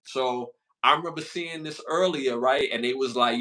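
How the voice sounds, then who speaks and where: Bright-voiced slangy male podcast host. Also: medium pitch, normal speed. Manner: slangy, laid-back banter with frequent fillers. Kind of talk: casual chat.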